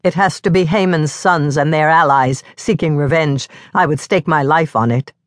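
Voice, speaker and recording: A woman's voice: sits low, normal speed, dry recording, clean studio sound, close to an everyday voice. A woman doing an anguished commanding male official. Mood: urgent, grim. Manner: urgent, rising in anguish. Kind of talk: audiobook character reading.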